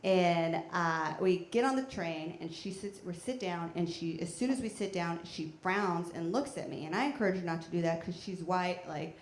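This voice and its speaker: A woman performing a stand-up comedy set on a theater stage with a handheld mic, talking in a deadpan, chatty way with bursts of loud shouting. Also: fairly low pitch, normal speed, few pauses. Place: theater stage before a live audience. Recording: echoey theater with faint noise.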